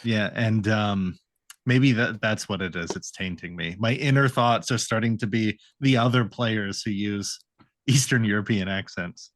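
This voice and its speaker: A man's voice: lowish voice, unhurried, no echo. A man playing in a tabletop game, joking around playfully. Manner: playful, jokes. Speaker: player. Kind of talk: casual tabletop play.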